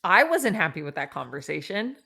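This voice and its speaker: A woman co-hosting a podcast, chatting casually about a reality show with quick jokey asides and frequent laughter. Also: fairly low pitch, big pitch swings, creaky, pushed and bright, breathy edge. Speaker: podcast co-host.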